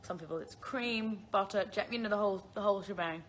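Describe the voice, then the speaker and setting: Bright-voiced chatty British woman. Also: medium pitch, fast. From Isle of Man. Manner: chatty, self-deprecating, laughs often. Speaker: host answering viewer questions. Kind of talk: casual chat on a phone livestream.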